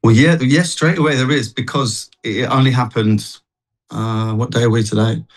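A man, a street evangelist, telling a faith testimony in an animated, restarting way during an interview. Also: medium pitch, normal speed. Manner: animated storytelling, many restarts. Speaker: street evangelist and worship singer. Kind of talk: testimony in a Christian talk show interview.

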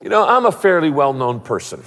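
Man, pastor, animated sermon, very expressive pitch, long hall reverb. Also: fairly quick. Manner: animated, conversational preaching with humor.

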